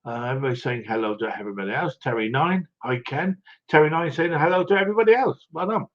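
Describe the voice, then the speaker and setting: A man's voice: a little high, expressive, fast talker, a bit bright. A man with a slightly raised voice hosts a casual live stream, greeting viewers one by one in a rambling, chummy way. He trips over names as he goes. The audio is dull and lo-fi. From Britain. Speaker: livestream host.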